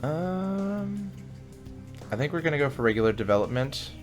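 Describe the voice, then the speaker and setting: A man's voice: a little high, big pitch swings, moderate pace, faint music behind. A man hosting a gaming video, chatting and joking as he plays and reads game text aloud. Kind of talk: let's play commentary.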